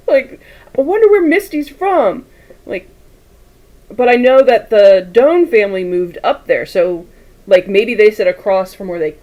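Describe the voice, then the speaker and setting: A woman talks her way through a sewing session on a livestream, easygoing and chatty. She drifts from one tangent to the next and laughs often. She speaks at a slow, unhurried pace. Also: mid-range voice, big pitch swings, warm tone, rough recording. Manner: chatty, rambling, laughs often, reads chat aloud. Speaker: quilting livestream host. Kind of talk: casual chat while sewing.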